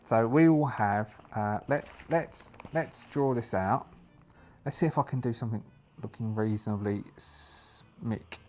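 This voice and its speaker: A man's voice: medium pitch, measured pace, a little mellow. A man, narrating a solo tabletop game and thinking aloud as he works through his dice rolls.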